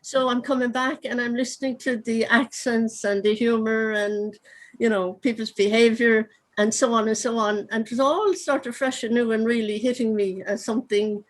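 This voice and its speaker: A woman's voice: on the high side, fairly even intonation, normal speed, low-quality recording. A woman with a Cork accent, an author chatting over a video call, rambling with lots of asides. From Ireland. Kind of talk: casual conversation.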